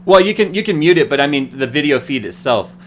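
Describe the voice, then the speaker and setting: A man's voice: on the high side, fast talker, slight background noise. A man hosting a casual tech livestream, rambling and laughing while he tells stories. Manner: laughing, rambling, animated storytelling. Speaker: host.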